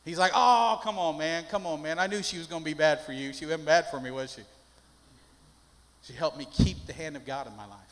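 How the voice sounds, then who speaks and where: A man's voice: on the high side, fairly quick, fairly bright tone, a little hiss or hum. Older man preaching in a reverberant hall. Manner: folksy storytelling, rising to emphatic preaching. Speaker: pastor. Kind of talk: sermon.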